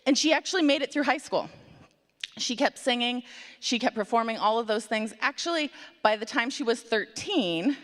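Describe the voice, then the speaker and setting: A woman telling a story to children and the congregation at a worship service, in an animated, conversational way with playful asides. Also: on the high side. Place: church sanctuary. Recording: long hall reverb.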